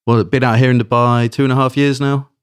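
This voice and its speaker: Fast-talking man from England's South Coast. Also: mid-range voice, flat delivery, clean tone. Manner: quick, blunt, self-mocking banter. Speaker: podcast guest. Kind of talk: casual chat.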